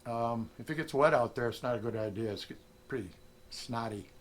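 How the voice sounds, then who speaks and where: A man's voice: mid-range voice, moderate pace, slight background noise. A middle-aged man, a prospecting vlogger, telling a story casually and acting out the lines of the people in it. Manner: animated storyteller, acts out quotes.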